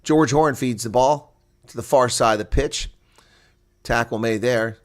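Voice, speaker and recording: A man giving live play-by-play rugby commentary, excitable and rising to shouts at big plays. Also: mid-range voice, measured pace.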